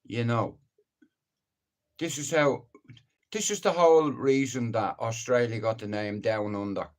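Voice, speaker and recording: A middle-aged man hosting a live stream, ranting casually in a blunt, sweary, rambling way. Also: mid-range voice. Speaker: livestream host.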